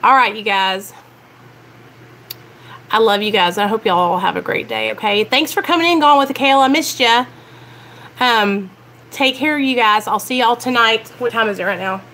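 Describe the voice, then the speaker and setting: Loud, chatty young woman with a bright voice. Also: fairly high pitch, normal speed, pauses often, slight background noise. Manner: loud, chatty, excitable, talks straight to viewers. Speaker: recovery vlogger. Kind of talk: casual live-stream chat.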